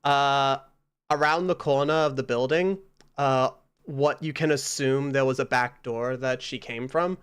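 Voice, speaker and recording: Man running a tabletop game, smooth voice. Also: medium pitch. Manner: relaxed, halting with fillers. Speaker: game master.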